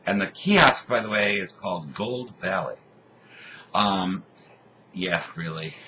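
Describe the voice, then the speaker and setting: A man co-hosting a casual chat show, retelling a story in a rambling, animated way with many restarts. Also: sits low, slow pace, dull audio, slight background noise. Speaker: podcast co-host.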